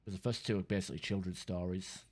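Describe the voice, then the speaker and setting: A man's voice: sits low, fairly even intonation, quick pace, a little mellow. A man giving casual commentary while playing a video game, rambling in stop-start bursts, swearing freely and chatting with viewers. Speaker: gaming streamer.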